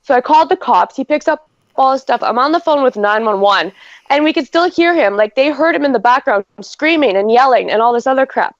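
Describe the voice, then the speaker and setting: A woman's voice: sits high, animated, fairly quick, no echo. A woman in her thirties from Canada, chatting on a podcast and telling a long personal story full of fillers and quoted dialogue. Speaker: podcast co-host. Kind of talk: casual chat. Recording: dry, dull lo-fi podcast audio.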